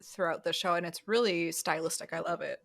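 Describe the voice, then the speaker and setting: A woman's voice: lowish voice, fairly even intonation, creaky. A woman co-hosting a podcast, recapping a show in casual chat and acting out characters' lines. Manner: chatty, acts out characters' lines in quick paraphrase. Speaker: podcast co-host.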